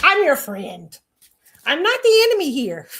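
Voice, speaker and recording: A woman's voice: high-pitched, unhurried, slight background noise. Laughing, sassy woman ranting. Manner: laughing, sassy, animated ranting with mocking put-on voices. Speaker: host. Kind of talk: casual pop culture commentary.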